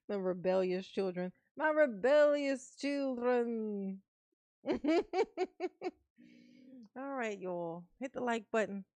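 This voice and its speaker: A woman's voice: medium pitch, lively intonation, takes it slowly, long pauses, a little mellow, dry recording. A woman hosting a casual livestream, teasing and laughing often, fondly calling herself Mama to her viewers. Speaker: livestream host. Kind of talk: casual live-stream commentary.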